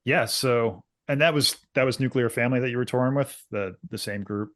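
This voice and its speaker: A man at a mid pitch hosts a relaxed interview. He mostly listens and answers in short words, then steers with a quick follow-up question. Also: no room sound, studio quality. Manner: short back-channel replies and brief questions. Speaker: podcast host. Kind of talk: casual interview chat.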